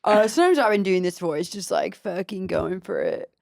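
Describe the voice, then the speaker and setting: A woman co-hosting a podcast in casual chat, enthusiastic, with quick reactions and questions for the guest. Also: fairly low pitch, expressive, gravelly, a little mellow. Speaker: podcast co-host.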